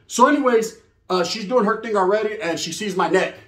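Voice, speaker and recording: A middle-aged man from California with a Chicano English accent tells a raunchy street story in rapid, high-pitched bursts. He talks straight to his listeners in a steady flow of slang, and the room around him is noticeably echoey. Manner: streetwise slang, acts out other voices, addresses listeners directly. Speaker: storyteller host. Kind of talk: profane comedic storytelling.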